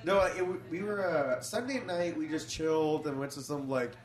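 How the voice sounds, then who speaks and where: A man's voice: on the high side, moderate pace. A man in casual chat, ranting emphatically with lots of swearing. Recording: roomy with crowd noise.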